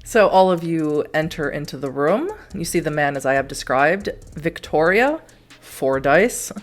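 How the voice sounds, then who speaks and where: A lower-voiced woman guides her players through a tabletop horror game, narrating scenes and asking for dice rolls. She talks in a chatty, easily amused way, with faint music playing under her voice. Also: lively intonation, measured pace. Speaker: storyteller running a tabletop game.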